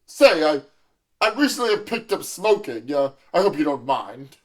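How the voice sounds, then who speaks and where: A man improvising a smooth-talking suitor who croons his lines and later coughs from smoking, in an audio comedy. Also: fairly high pitch, big pitch swings, normal speed. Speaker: improv performer.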